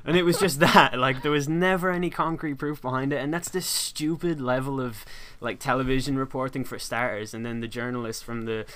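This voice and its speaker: A man's voice: medium pitch, steady tone, a little fast, few pauses, pushed and bright. Young man with dry sarcasm. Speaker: podcast co-host. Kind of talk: casual chat.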